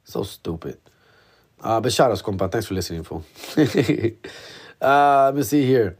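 A man's voice: on the low side, lively intonation, measured pace, a little mellow, husky. A man, hosting a comedy podcast in a laid-back, slangy, profane monologue.

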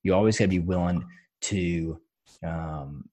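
A podcast co-host with a low, husky voice, talking in a loose, casual way. He is blunt and passionate, tells his stories with plenty of swearing, and keeps pressing his point home. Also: a little slow, dark tone. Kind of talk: casual chat.

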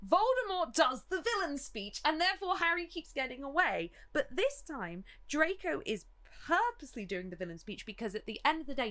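A young woman with a fairly high voice chats casually as a podcast co-host. She thinks aloud and picks ideas apart with keen, analytical enthusiasm. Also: a bit bright. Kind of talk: casual book discussion.

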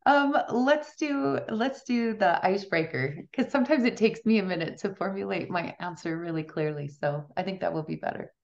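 A woman's voice: medium pitch, normal speed, vocal fry, hardly any pauses, dull audio. A middle-aged woman, an author guest on a podcast, telling stories in a chatty way and often laughing. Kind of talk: casual interview storytelling.

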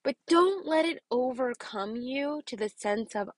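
A woman's voice: on the high side, animated, normal speed, hardly any pauses, no echo. A young adult woman, a kindergarten teacher hosting a motivational podcast, speaking emphatically, repeating her points and checking in with "okay?".

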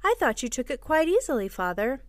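A woman's voice: high voice, sing-song, fairly quick, no echo, pitched above the performer's own voice. A woman voicing a sensible, earnest little girl.

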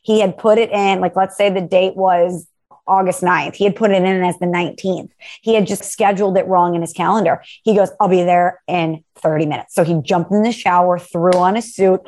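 A young woman co-hosting a casual chat, telling an animated story and acting out quoted lines. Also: on the low side, fairly quick. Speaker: co-host.

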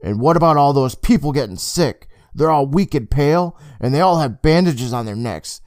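A man voicing an excited, determined girl who insists on her theory. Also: on the high side, measured pace, no room sound, clean studio sound, pitched above the performer's own voice. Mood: insistent. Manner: urgent, insistent.

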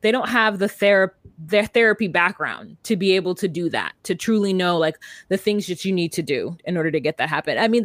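A woman co-hosting a podcast, chatting casually about a reality show in a rambling, animated way full of fillers and mock quotes. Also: medium pitch, no echo. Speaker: podcast co-host.

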